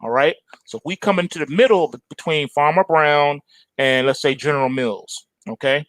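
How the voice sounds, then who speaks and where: A man hosting a trading show, explaining markets in an animated, casual way. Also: fairly high pitch, moderate pace, no echo. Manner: animated, storytelling.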